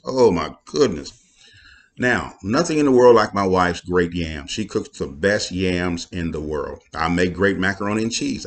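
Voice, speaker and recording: A middle-aged man, a pastor talking casually to viewers in a folksy, preachy way with playful asides. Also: low-pitched.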